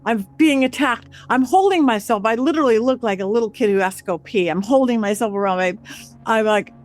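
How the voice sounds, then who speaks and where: Animated storytelling woman, high voice. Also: fairly quick, faint music behind. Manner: acts out quotes with lively voices. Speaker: guest psychic medium.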